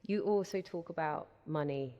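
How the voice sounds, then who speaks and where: Woman interviewer, low voice, curious and probing, hall reverb. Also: normal speed, highs cut off. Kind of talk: conversational interview.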